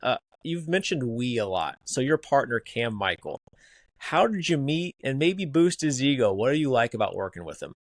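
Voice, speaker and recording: A man's voice: mid-range voice, big pitch swings, normal speed, no room sound. Dry-sounding male podcast host. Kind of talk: casual interview.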